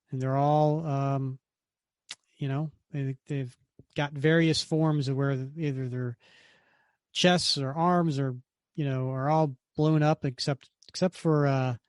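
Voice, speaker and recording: A man's voice: mid-range voice, dry recording, clean studio sound. A man co-hosting a podcast, casually retelling a comic book story with lots of fillers and restarts. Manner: rambling, many fillers and restarts. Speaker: podcast co-host.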